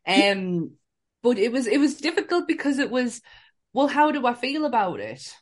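A woman with a Northern English accent co-hosting a podcast, animated, laughing often and swearing casually. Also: fairly high pitch, moderate pace. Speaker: podcast co-host. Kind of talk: casual chat.

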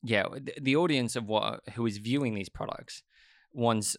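A man's voice: medium pitch, moderate pace, gravelly, no room sound, clean studio sound. A young man, a writer who speaks thoughtfully and hesitantly in a casual chat. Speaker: writer and podcast host. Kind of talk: casual conversation.

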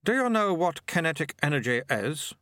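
A brisk, sardonic monk of a secret order, handing out dry quips with a knowing patience. A man voices him in a storybook reading, his pitch swinging freely, in a dry, close recording. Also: very animated, pushed and bright, dry recording. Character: brisk, dry-witted male monk recruiter.

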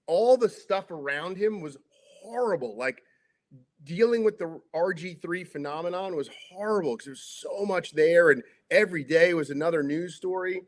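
Storytelling man, chatty and animated. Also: a little high. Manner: lively storyteller acting out quotes, many "like" fillers. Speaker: sports broadcaster. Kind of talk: casual anecdotal storytelling.

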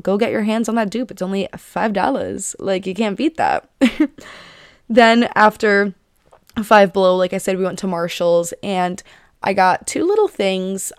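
A woman's voice: on the low side, clear, resonant tone, no echo, clean studio sound. A young woman in her twenties hosting her podcast in a bubbly, chatty way, slightly out of breath, full of fillers and giggles. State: a little out of breath. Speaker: podcast host. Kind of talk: casual chat.

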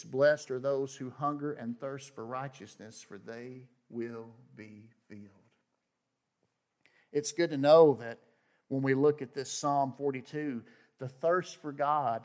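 A pastor preaching a sermon, swinging from loud, shouted high points down to quiet, hushed lines. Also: male voice. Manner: dramatic preaching, rising to shouts and dropping to near hush.

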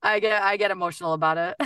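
Bright, upbeat woman, chatty coach type, fast bursts, dry but slightly distant mic. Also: medium pitch, animated, clean tone, no room sound. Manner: chatty, upbeat, quick bursts with many fillers. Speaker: voice actor and coach. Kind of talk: casual podcast interview.

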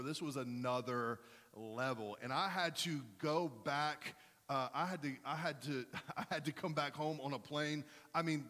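A man's voice: medium pitch, fairly bright tone. A man in his thirties, a pastor preaching a sermon, telling a personal story in a casual, conversational way with self-deprecating humor. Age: 30s. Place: large church hall. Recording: long hall reverb.

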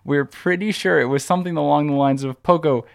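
A man's voice: a little high, steady tone, fast talker, vocal fry, clear, resonant tone. A man co-hosting a podcast, telling a long story in casual chat, rambling with frequent restarts and filler words. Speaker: podcast co-host.

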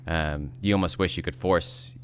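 Low-voiced man, easygoing casual host. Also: steady tone, normal speed, a little hiss or hum. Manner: easygoing, asks questions, gives frequent affirmations. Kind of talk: casual conversation.

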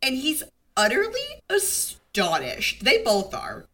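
A woman's voice: high voice, slow pace. A young woman co-hosting a podcast, recapping a TV episode in casual chat and acting out the characters' lines. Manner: animated, acts out characters in quotes. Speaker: podcast co-host.

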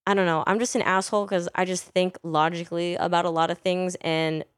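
A young woman from Northern California chats on a podcast in a blunt, profane way, laughing easily. Her voice sits low for a woman, smooth and clear. The sound is dry and close, with no room around it. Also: fairly even intonation, fairly quick, dry recording. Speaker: podcast guest. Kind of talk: casual podcast chat.

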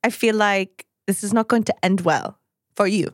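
A woman's voice: mid-range voice, normal speed, no echo, studio quality. A woman playing a tabletop game in character, sarcastic and pushy, swearing freely. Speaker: player.

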